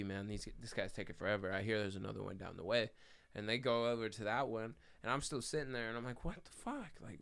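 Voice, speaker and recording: A man chatting on his podcast, telling stories with lots of swearing and animated emphasis. His voice sits at an ordinary middle pitch. The tone is loose and casual throughout. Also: clean tone. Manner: profane, animated storytelling. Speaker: podcast co-host. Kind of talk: casual chat.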